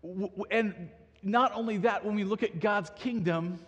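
High-voiced husky preacher in a hall. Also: male voice, normal speed, a bit bright, highs cut off. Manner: earnest, asks the congregation questions, frequent restarts. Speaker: pastor. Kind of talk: sermon.

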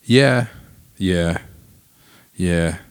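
A man in his thirties, a pastor, chatting casually, warm and chuckling with frequent restarts. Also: sits low, very slow, clear, resonant tone, no room sound, clean studio sound. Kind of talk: casual podcast chat.

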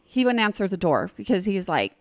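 A middle-aged woman telling a personal story in a casual podcast chat, animated and vivid. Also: mid-range voice, fairly quick. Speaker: podcast guest.

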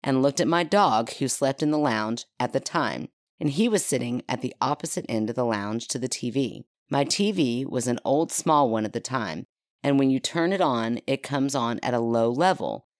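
A chatty woman hosting a podcast, her voice sitting very low. She talks casually with quick asides and laughs, then reads a listener story aloud. The sound is dry and close. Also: animated, no room sound. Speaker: podcast host.

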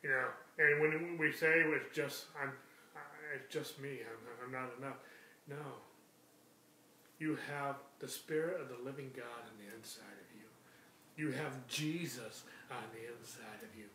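A man's voice: mid-range voice, a little slow, pushed and bright. A man preaching in an emphatic way, repeating his key phrases for the listeners. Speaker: Bible teacher. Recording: echoey room, distant mic, faint noise.

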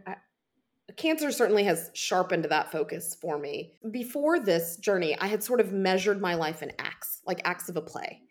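A middle-aged woman, a podcast guest, speaking candidly and reflectively. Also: medium pitch. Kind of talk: casual podcast interview.

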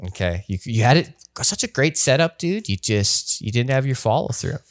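Co-host, male, mid-pitched, sarcastic casual mail-reading banter, dry booth sound. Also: very animated, moderate pace, dry recording. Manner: laughs as he reads, sarcastic asides. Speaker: podcast co-host. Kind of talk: casual chat, reading listener mail aloud.

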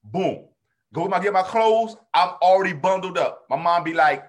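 A man telling childhood stories in a casual chat, slangy and animated, acting out what people said. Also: high-pitched, moderate pace. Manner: animated, slangy, acts out quotes.

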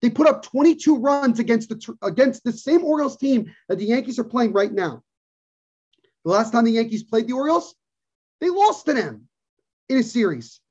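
A man's voice: extremely high pitch, sing-song, normal speed, darkish tone, breathy edge. A man co-hosting a podcast, ranting emphatically about sports and repeating his points for stress. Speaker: podcast co-host. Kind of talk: casual sports talk, opinionated rant. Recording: dull lo-fi podcast audio.

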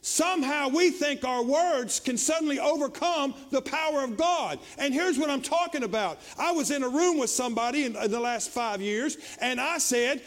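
Brief: male pastor, very high pitch, repetitive preaching that rises to shouts. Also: animated, normal speed, few pauses. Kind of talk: sermon.

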